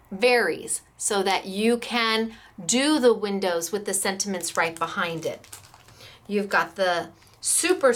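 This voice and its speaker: A woman's voice: mid-range voice, fairly bright tone. An American woman who runs a craft shop, chatting enthusiastically as she demonstrates stamps and dies and gushes over the samples.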